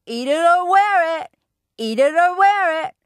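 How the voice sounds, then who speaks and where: A woman voicing a wild, demanding toddler boy from a storybook with a shrill, childish voice. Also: very animated, extremely slow, sharp tone, no echo, studio quality, full character voice.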